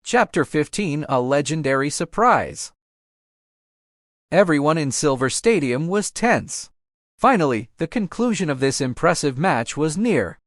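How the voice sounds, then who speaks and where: A man reading a fan fiction audiobook aloud in a steady storybook manner. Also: a little high, a little slow, no echo, studio quality. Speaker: audiobook narrator.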